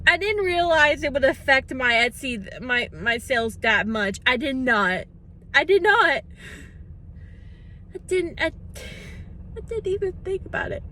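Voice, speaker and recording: A woman who runs a small craft shop, chatting in a casual vlog, excited and close to tears, talking into a phone in a vehicle. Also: high voice, normal speed, a little hiss or hum. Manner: emotional, near tears, excited. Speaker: craft shop owner vlogging.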